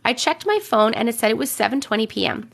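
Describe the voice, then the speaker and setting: A young woman hosting a livestream, reading viewers' stories aloud and chatting casually, her voice a bit rough from a cold, humming filler syllables while she waits. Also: a little high, sing-song, quick pace, a bit bright. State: voice rough from getting over a cold.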